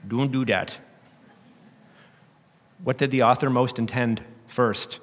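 A man pastor giving a sermon, swinging between loud, urgent preaching and quiet emphasis. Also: medium pitch, fairly even intonation, slow, long pauses, breathy edge. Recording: long hall reverb.

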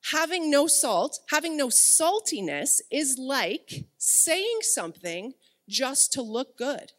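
A woman preaching a streamed sermon with a somewhat high voice. She talks chattily to the congregation and the chat, breaking into laughter as she tells stories from home. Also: fairly bright tone. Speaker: pastor. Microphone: streamed service, speaking to online chat.

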